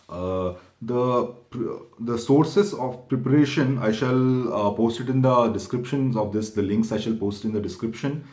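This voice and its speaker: A man giving an informal, step-by-step explainer talk to viewers, halting often and correcting himself as he goes. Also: mid-range voice, mellow. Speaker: exam prep channel host. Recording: echoey room.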